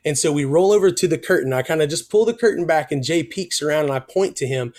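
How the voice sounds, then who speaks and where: A middle-aged worship musician telling a personal story in an interview, earnest and emotional, his voice going soft when he speaks of faith. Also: on the high side, lively intonation, quick pace, few pauses.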